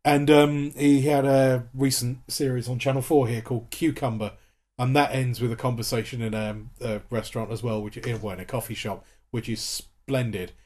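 This thirty-something podcast co-host speaks in a steady, medium-pitched, slightly mellow voice at a moderate pace. He's chatting casually and eagerly about a TV series, with plenty of fillers and false starts.

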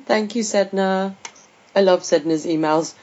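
A woman's voice: medium pitch, unhurried, darkish tone, dull audio. A woman hosting a podcast, chatting casually and laughing often. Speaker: podcast host. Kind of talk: casual chat.

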